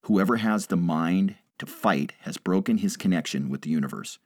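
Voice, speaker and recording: Steady, deep-voiced sensei giving a lesson, as the narrator puts him on. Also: male voice, moderate pace, no echo, studio quality. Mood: solemn. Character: calm male martial arts teacher.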